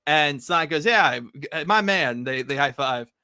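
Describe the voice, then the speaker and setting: Guy rambling thru a comic recap, bright voice, super dry sound, laughs a lot. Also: a little high, animated, moderate pace, smooth, dry recording. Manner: rambling, many "like" fillers, laughs often. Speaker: podcast co-host. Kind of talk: casual comic recap chat.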